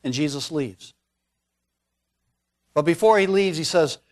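A man's voice: a little high, measured pace, long pauses, a little mellow. A man preaching a storytelling sermon, conversational, with folksy asides.

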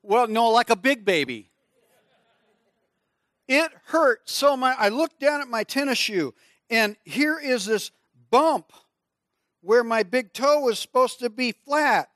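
A middle-aged man with a high, bright voice preaches in an unhurried, animated storytelling way. He acts out screams and little voices as he goes. The sound is close and dry. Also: dry recording. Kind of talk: storytelling sermon.

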